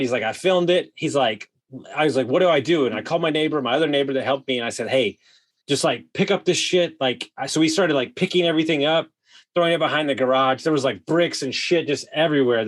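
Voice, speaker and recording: A man telling a wild story as a podcast guest, animated, swearing freely and full of "like" fillers. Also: fairly high pitch. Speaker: guest, vacation rental host. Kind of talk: casual storytelling.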